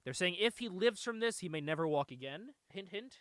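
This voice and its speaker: High, lively man chatting about comics. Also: a little fast, clean tone, no room sound. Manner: animated, laughs often, swears freely. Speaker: podcast host. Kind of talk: casual comic book chat.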